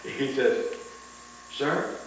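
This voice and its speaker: Older man recounting war memories, roomy. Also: drawn-out words. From United States. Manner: rambling storytelling with many restarts, chuckling at the memories. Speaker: war veteran interviewee. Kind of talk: oral history interview. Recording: roomy, distant mic with faint hiss.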